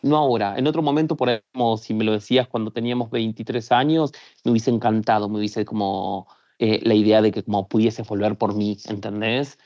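Rioplatense-accented man, casual and halting, warm low tone, rushed delivery. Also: steady tone, no room sound, dull audio. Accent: Rioplatense Spanish. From Argentina. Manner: halting, full of fillers and restarts. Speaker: interviewee, narrator's childhood friend. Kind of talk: casual conversation.

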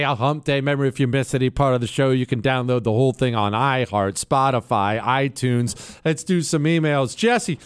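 A man's voice: moderate pace, few pauses, clean tone. A man hosting a talk radio show, chatting casually and reading listener emails, his voice jumping up when he sounds incredulous. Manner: animated, swings high when incredulous.

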